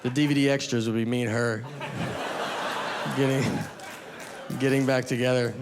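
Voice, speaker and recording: A man telling a stand-up story on stage, deadpan and understated, with rambling asides. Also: mid-range voice, moderate pace. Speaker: stand-up comedian. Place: comedy stage before a live audience. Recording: live audience murmur and faint noise. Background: audience laughter.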